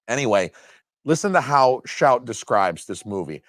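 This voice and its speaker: A man in his thirties, a video host ranting with heavy swearing and sudden jumps up and down in pitch. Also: expressive, a little fast, a bit bright, no echo, clean studio sound. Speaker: video host reviewing disc releases. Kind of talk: profane comedic rant.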